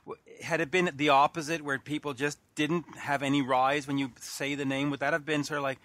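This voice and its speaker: Bright-voiced male interview host, persistent. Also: on the high side, steady tone, normal speed, no echo. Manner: persistent questioner who rephrases and restarts his questions. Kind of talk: interview conversation.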